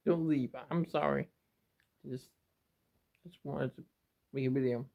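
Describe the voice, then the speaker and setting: A man's voice: mid-range voice, gravelly. A man from England talking to his camera in a rambling, emotional home vlog, often repeating and restarting himself. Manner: emotional, repetitive, halting. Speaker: YouTuber. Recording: dull lo-fi home recording.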